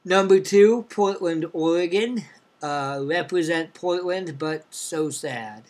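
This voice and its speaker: Young male podcast co-host, a touch higher-pitched, upbeat and chatty, shout-out energy. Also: slow pace. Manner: upbeat, reads out listener cities with shout-outs. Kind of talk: casual chat.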